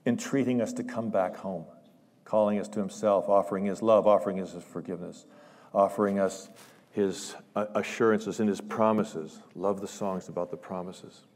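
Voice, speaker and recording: A man delivers an impassioned sermon from the pulpit, his somewhat low voice swelling on quoted scripture and dropping to near-whispers between. The sound rings with the long reverb of a large church sanctuary. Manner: impassioned, swells loud on scripture quotes and drops to hushed asides. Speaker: guest preacher.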